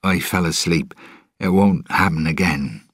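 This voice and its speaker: A weary old pirate, as a storybook narrator puts him on, speaking quietly and with resignation in a very deep, husky voice. Close and dry, with no room sound. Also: male voice, unhurried, no echo, full character voice. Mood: resigned. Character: old weary male pirate father, cursed.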